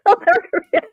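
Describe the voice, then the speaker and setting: A middle-aged woman from Wisconsin in the Midwest tells meandering stories, laughing and restarting as she co-hosts a casual stream. The recording is muffled, with no echo.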